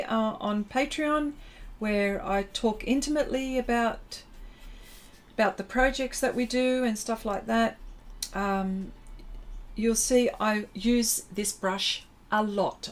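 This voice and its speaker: A woman art instructor talks slowly through a livestream painting demonstration. She chats with viewers as she works, with many pauses and restarts. Her voice sits at a middle pitch. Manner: chatty, reads and answers viewer comments while working; halting, many fillers and restarts.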